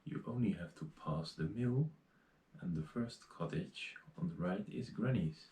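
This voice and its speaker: A chatty little girl from a storybook, put on by a Dutch-accented man reading aloud, her voice pushed up a bit from his gravelly, mellow low tone. She talks unhurried, and the room around her rings with echo. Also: animated. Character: young girl on her way to granny.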